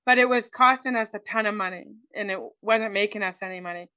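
A woman's voice: medium pitch, fast talker, bright, forceful tone, clean tone, no echo, low-quality recording. A woman guest in an interview, chatting casually through a personal story and acting out what people said to her. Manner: chatty, acts out quoted dialogue, many "like"s.

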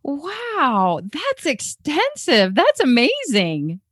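A young adult woman hosting a podcast, cheerful and quick to laugh. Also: high-pitched, huge pitch swings, no room sound, clean studio sound. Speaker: podcast host. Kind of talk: upbeat podcast chat.

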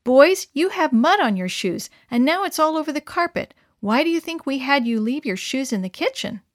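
A firm, brisk storybook mother, read aloud by a woman, sounding higher than the narration and keeping her boys in line. The recording is dry and close. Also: sing-song, no echo. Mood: scolding. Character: busy mother scolding her two boys.

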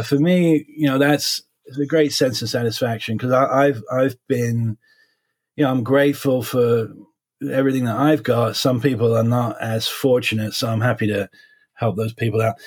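A husky man in his forties being interviewed about his work as a lawyer. He talks in a halting, thoughtful way, often restarting his sentences. His voice sits at an ordinary middle pitch with a breathy edge. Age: 40s. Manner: halting and reflective, many restarts. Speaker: defense attorney.

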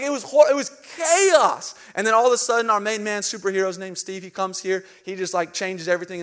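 A young man preaching a sermon as pastor, telling stories with animated outbursts and dropping to a soft hushed tone for reflective moments. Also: high-pitched. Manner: animated storytelling, acting out panic with loud outbursts.

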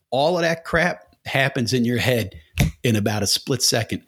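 A man's voice: mid-range voice, expressive, moderate pace, fairly bright tone, slightly rough. A man hosting a casual solo podcast, rambling bluntly with casual swearing and rhetorical questions. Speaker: podcast host.

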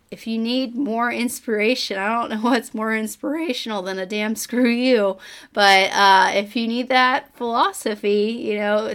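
Choked-up woman giving an earnest pep talk. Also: mid-range voice. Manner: earnest, pep-talk delivery with repeated calls to action; frequent fillers and restarts. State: emotional, choked up. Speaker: podcast host. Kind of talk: motivational podcast monologue.

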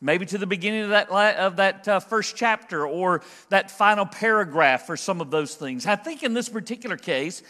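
A man preaching a conversational, emphatic expository sermon as pastor, slowing down to stress key phrases. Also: sits high, sharp tone, in a large hall. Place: church sanctuary.

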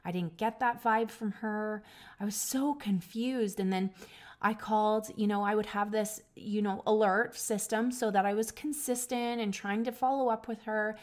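Woman, earnest personal storytelling, emotional, hushed then lively, mid-pitched voice. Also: normal speed. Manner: earnest and emotional, with many restarts; lively, swinging between hushed and loud. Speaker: podcast host.

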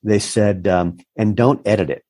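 Man telling a story in a low, dry voice. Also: moderate pace, no room sound. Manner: animated storyteller who acts out quoted voices. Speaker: entrepreneur guest. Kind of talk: casual interview storytelling.

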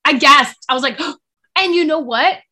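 A lively young woman co-hosting a podcast, her voice bright and a little high. Her pitch swings a lot as she chats, laughs and swears freely. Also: moderate pace. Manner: animated, laughs often, swears casually. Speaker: podcast co-host. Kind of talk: casual chat about wrestling.

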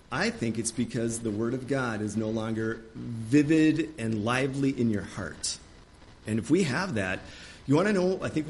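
Man preaching an earnest, excitable sermon. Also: slight background noise. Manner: voice climbs high and loud when worked up. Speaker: pastor.

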